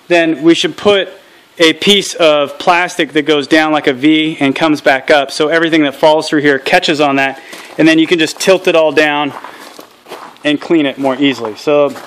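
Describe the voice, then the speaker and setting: At a small farm processing setup outdoors, the channel host, whose voice is a little high, explains his mistakes in a casual vlog. His tone is earnest and candid, and he keeps dropping acronyms and military jargon.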